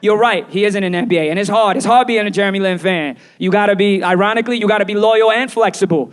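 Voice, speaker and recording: A man doing live stand-up comedy for a small audience, playful and animated, often slipping into quoted voices. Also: high-pitched, a little fast, slight background noise.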